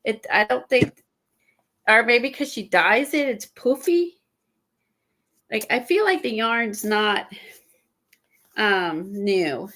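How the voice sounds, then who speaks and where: Slow, breathless woman chatting about crafts. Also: fairly high pitch, expressive, a bit bright. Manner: rambling, halting, many fillers and restarts. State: slightly out of breath and stuffy. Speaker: guest showing art supplies. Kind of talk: casual chat on an art livestream.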